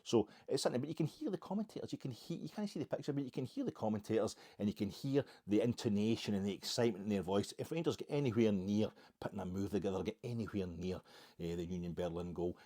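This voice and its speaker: Low, fast, husky Scottish man. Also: animated, mellow. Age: older. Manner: wry, sarcastic, rambling with self-mocking asides. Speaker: podcast host. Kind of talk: casual football podcast monologue.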